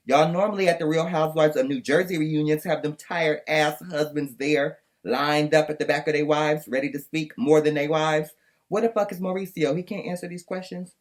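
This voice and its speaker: A man's voice: on the high side, normal speed. A man hosting a casual recap podcast, ranting in a sassy, profane, exasperated way. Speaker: podcast host recapping a reunion. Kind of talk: casual commentary with clips.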